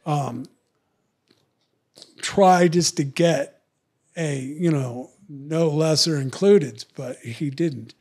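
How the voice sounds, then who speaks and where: A podcast guest, a middle-aged man with a medium, somewhat dark voice, tells stories casually and with plenty of profanity. He lingers on slang and voices other characters' words in a louder tone.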